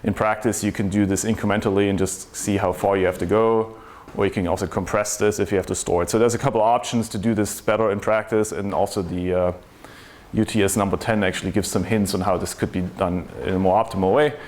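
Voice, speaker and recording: A man's voice: fairly low pitch, steady tone, fast, darkish tone. A man giving a technical conference talk to a room, explaining step by step and asking rhetorical questions. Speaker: conference speaker.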